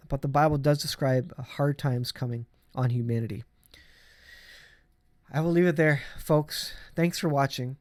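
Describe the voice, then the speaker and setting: A man's voice: medium pitch, moderate pace, darkish tone. A middle-aged man hosting his own channel, talking earnestly about faith and the end times with many fillers and restarts. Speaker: channel host. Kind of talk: casual religious commentary vlog.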